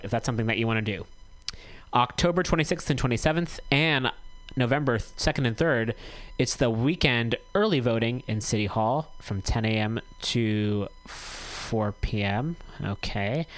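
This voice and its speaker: A man's voice: medium pitch, a bit bright, low-quality recording. A man hosting a community radio show, reading out notices in a chatty way and correcting himself as he goes. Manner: chatty, self-correcting, reads notices aloud. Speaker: radio host. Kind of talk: casual community radio talk.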